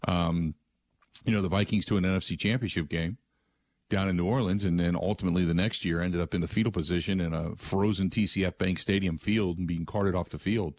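Male sports radio host, animated rhetorical monologue, close dry studio mic. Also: deep voice, a little fast, no echo. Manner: animated and rhetorical, mocking the answers he expects.

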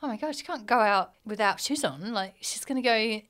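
A woman's voice: fairly high pitch, expressive, fairly quick, crowd noise. A woman, co-hosting a casual podcast, chatty and often laughing. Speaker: podcast co-host. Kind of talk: casual chat.

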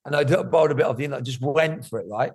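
A middle-aged man, talking candidly about his life in an interview, animated and swearing freely. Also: mid-range voice, quick pace, husky. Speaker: guest.

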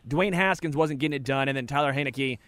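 A man co-hosting sports talk radio from a studio, with a middle-pitched voice. He jokes and teases his partner between quick opinions. The sound is dry and close on the studio mic. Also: a bit bright, dry recording. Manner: joking, teasing, quick opinions.

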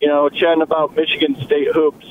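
A man's voice: on the high side, level tone, brisk, slight background noise. A man calling into a sports radio show, giving opinionated comments and rallying the fans. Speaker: caller. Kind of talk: call-in comments. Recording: tinny phone line.

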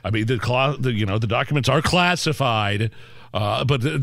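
A man's voice: medium pitch, moderate pace, vocal fry, a bit bright, dry recording, clean studio sound. A man co-hosting a political talk show, sarcastic and exasperated, often stumbling and repeating words. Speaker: co-host.

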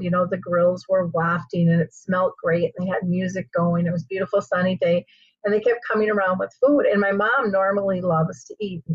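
Middle-aged female host, lively chatty storyteller; husky, close and dry, muffled audio. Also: lowish voice, no echo. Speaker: podcast host. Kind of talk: casual interview storytelling.

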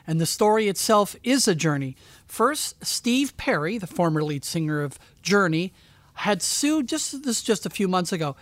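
A man's voice: high-pitched, fairly bright tone. A man hosting a radio show, telling a backstage story in a chatty way with conversational asides. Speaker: radio host.

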